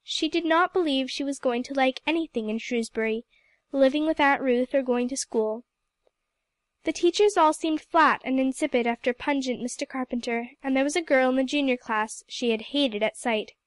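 A woman narrating a novel in a gentle, even storybook reading. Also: high voice, normal speed, dry recording. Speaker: audiobook reader. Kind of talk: scripted narration.

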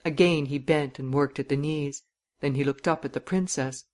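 A man narrating a literary audiobook in a measured, descriptive reading. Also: on the high side, fairly even intonation, darkish tone.

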